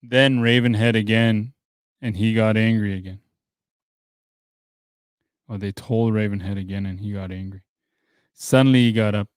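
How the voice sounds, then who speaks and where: A man hosting a podcast, reading a translated traditional story aloud in a plain, steady way, with dry offhand asides. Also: lowish voice, moderate pace, long pauses, clean tone, no echo. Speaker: podcast host.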